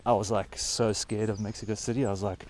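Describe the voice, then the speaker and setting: A man's voice: fairly low pitch, little pitch movement, quick pace, a little mellow, slight background noise. A man in his thirties with a South African accent, talking casually to camera while hiking outdoors and short of breath, rambling with lots of fillers. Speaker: travel vlogger. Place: outdoors on a high mountain trail.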